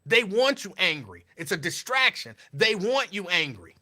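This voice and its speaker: A man's voice: sits high, sing-song, normal speed, pushed and bright. A man hosting a show, talking in casual commentary with a sarcastic, repetitive, preachy delivery. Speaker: host.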